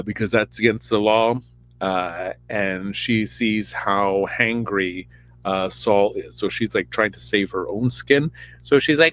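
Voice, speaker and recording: A man's voice: lowish voice, a bit bright, no echo. A podcast host, a man, retelling a Bible story in a rambling, irreverent, campy way.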